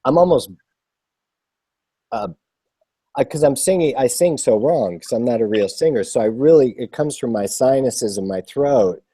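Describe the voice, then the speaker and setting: A man's voice: medium pitch, expressive, moderate pace, dark tone, husky, dry recording. A man chatting casually as a guest composer, rambling and self-deprecating with enthusiasm. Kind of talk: casual live chat.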